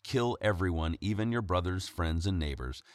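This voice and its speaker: A man's voice: low-pitched, expressive, moderate pace, no room sound. A man reading aloud the words of an earnest older male leader who pleads and commands. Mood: commanding.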